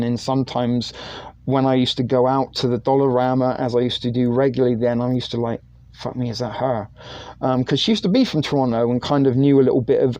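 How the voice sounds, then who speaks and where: A man's voice: medium pitch, darkish tone, dry recording. A man hosting a live stream, telling a long anecdote in casual chat with a rambling, self-deprecating manner and many fillers.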